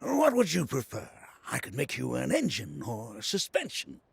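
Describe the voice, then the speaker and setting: An actor playing an excitable older male mechanic and former street racer in a video game. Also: medium pitch, normal speed, dry recording, heavily acted. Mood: helpful. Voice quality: gravelly, husky. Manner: bursts into shouting excitement and laughter.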